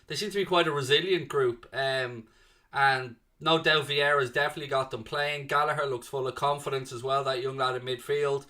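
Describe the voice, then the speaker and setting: A man's voice: medium pitch, fairly even intonation, a little fast, pushed and bright. A man hosting a live fan watchalong of a football match. He talks off the cuff with fillers and reads out and answers comments from the chat. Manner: chatty, thinks aloud with fillers.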